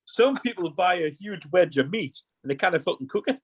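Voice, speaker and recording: A man guesting on a casual beer-fuelled podcast, wry and provocative, swearing freely as he needles the hosts. His voice sits high for a man and sounds husky, while his pitch moves with lively swings. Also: brisk. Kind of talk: casual banter over beers.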